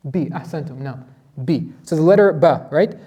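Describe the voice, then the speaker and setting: A man's voice: on the high side, moderate pace, dark tone. A man teaching a Quran lesson as an imam, asking his class questions and reciting Arabic verses.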